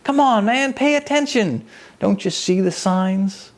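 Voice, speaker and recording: A preacher doing an exasperated divine teacher. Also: male voice, high-pitched, a little slow, pitched above the performer's own voice. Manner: chiding, impatient. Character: exasperated adult male divine teacher scolding followers.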